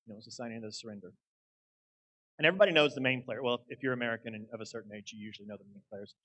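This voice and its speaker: A man's voice: mid-range voice, fairly bright tone, poor audio. A young man preaching a sermon, folksy and earnest as he tells a story. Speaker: guest preacher.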